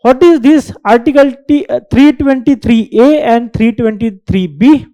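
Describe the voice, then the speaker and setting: A woman's voice: fairly high pitch, measured pace, warm tone. A woman giving an exam-prep lecture, repeating key terms and checking in with "right?" as she explains. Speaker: exam coaching teacher. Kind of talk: current affairs lecture.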